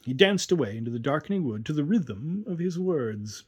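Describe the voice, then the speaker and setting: A man giving an expressive storytelling reading, narrating a classic short story aloud. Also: fairly high pitch, normal speed, slightly rough. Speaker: audiobook reader. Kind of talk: scripted narration.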